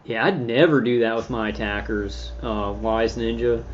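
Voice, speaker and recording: A man hosting his own channel, talking in a meandering, halting way with many fillers and restarts while answering live chat. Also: medium pitch, dull audio. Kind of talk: rambling casual livestream talk.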